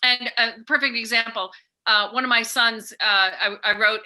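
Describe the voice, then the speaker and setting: A middle-aged woman chatting as a podcast guest, with a very bright, ringing voice pitched a little high. She talks animatedly and slips into acted-out snippets of conversation. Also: normal speed. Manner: animated, acts out remembered dialogue. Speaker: guest, author and peace educator.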